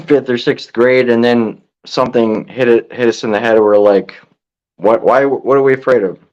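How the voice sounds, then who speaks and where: A man's voice: medium pitch, moderate pace, darkish tone. A man co-hosting a live podcast, chatting casually in an easygoing way and laughing along. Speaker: podcast co-host. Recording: dull lo-fi sound.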